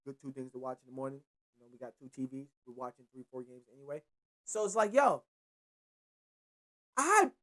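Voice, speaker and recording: A young man hosting his own sports commentary show. He rants loosely and keeps repeating himself, and his talk is full of slang and swearing. He often jumps between low mutters and loud, high outbursts. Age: young adult. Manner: animated, profane and repetitive, slangy. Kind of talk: casual sports commentary rant.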